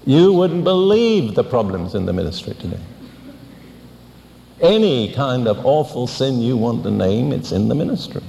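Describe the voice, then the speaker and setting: An older man preaching a sermon, teaching deliberately and asking pointed questions. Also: mid-range voice, sing-song, creaky, dark tone, in a large hall, a little hiss or hum.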